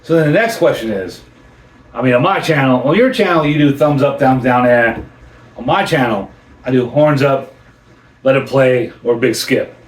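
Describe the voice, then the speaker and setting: A man's voice: mid-range voice, moderate pace, recorded from a distance. A man hosting a casual beer review chat, enthusiastic and often restarting his sentences. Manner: enthusiastic, repeats himself with restarts. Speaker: host of a beer review channel. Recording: roomy sound from away from the mic.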